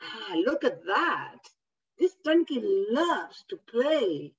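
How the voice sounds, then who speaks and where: A woman educator, not a native English speaker, reading picture books aloud in a workshop in an animated, expressive way. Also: fairly high pitch, takes it slowly, slightly rough. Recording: distant, dull lo-fi.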